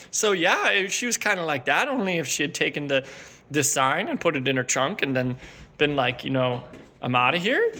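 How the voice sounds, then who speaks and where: A man's voice: a little high, sharp tone, a little hiss or hum. A middle-aged man, telling a rambling comic story full of fillers. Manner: rambling, filler-heavy, laid-back storytelling. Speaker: comedic character host. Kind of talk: rambling comedic monologue.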